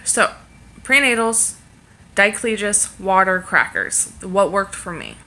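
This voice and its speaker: Young pregnant woman rambling on her vlog, bright voice, lots of ums. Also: mid-range voice, big pitch swings, slow pace. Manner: chatty, rambling with fillers. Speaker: vlogger. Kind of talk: casual chat to camera.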